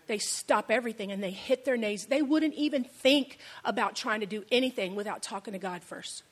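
A woman's voice: on the high side, fairly quick. A woman pastor giving a sermon in a conversational, storytelling way, repeating key lines for emphasis.

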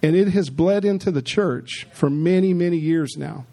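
High-voiced, mellow man preaching. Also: normal speed, gravelly. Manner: emphatic, conversational preaching with repeated asides. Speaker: pastor. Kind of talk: sermon.

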